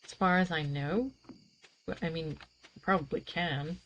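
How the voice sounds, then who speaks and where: A woman's voice: low-pitched, measured pace, fairly bright tone, muffled recording, slight background noise. Wry, chatty woman streaming a game. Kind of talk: casual gameplay commentary.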